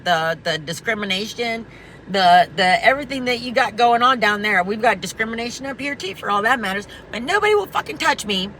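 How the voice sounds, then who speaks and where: A woman's voice: mid-range voice, bright, forceful tone, a little hiss or hum. A woman vlogging an angry, profane rant, emphatic and rambling, full of restarts. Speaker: veteran vlogger.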